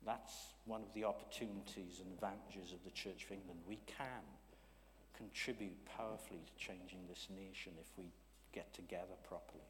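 A man preaching a sermon in a church, talking conversationally, checking in with the congregation and swinging from loud emphasis to hushed asides. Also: deep voice, fairly even intonation, normal speed, in a large hall, slight background noise.

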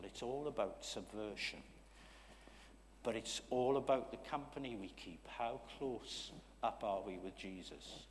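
A man preaching a sermon in a church, talking conversationally, checking in with the congregation and swinging from loud emphasis to hushed asides. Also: lowish voice, long reverb tail, a little hiss or hum.

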